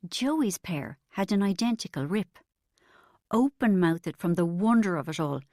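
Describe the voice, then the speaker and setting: A woman's voice: mid-range voice, a little mellow, no echo, studio quality. A woman reading a comic novel aloud as an audiobook narrator, in a wry storytelling manner.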